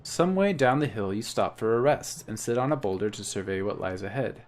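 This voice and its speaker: A man's voice: lowish voice, animated, brisk, a little hiss or hum. A man playing a text game, reading its story aloud and adding casual comments in between. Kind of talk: let's-play narration and commentary.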